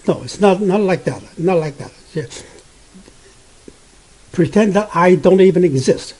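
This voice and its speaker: A man whose first language is Mandarin Chinese, teaching Mandarin pronunciation patiently, repeating each sound many times with frequent pauses. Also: sits high, mellow, slightly rough, rough recording. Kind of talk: pronunciation lesson.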